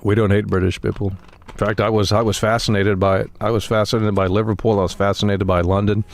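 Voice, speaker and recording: Low-voiced ranting male streamer. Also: flat delivery, fast. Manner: ranting, profane, blunt. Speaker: game streamer. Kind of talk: live stream chat.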